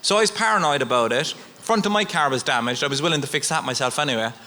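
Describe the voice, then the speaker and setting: A man's voice: fairly high pitch, fast talker. A man in his thirties with an Irish accent, performing a stand-up routine and acting out the people in his stories. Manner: animated storytelling, acts out characters. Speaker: stand-up comedian. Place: comedy venue with audience.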